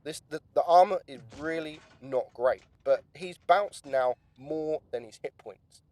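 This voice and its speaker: A young man giving lively, chatty play-by-play commentary on a game replay, with some casual swearing. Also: fairly high pitch, a little slow, dry recording. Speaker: gaming YouTuber.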